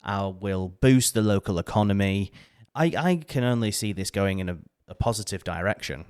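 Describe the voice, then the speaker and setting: A man's voice: lowish voice, moderate pace, a little mellow, clear, resonant tone. A man co-hosting a podcast in casual chat, bantering playfully and teasing his co-host.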